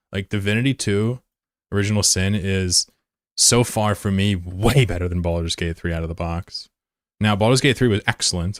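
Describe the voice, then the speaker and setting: A man's voice: low-pitched, no room sound, clean studio sound. A man live streaming and chatting casually with his viewers while he plays, laid-back, swearing freely and laughing easily. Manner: chats with viewers while playing a game. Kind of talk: casual livestream chat.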